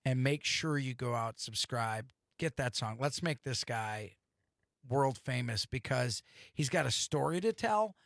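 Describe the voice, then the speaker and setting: A man's voice: medium pitch, animated, a little slow, a bit bright, dry recording. A man hosting a radio talk show, telling stories in casual studio chat with enthusiasm. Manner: enthusiastic storyteller.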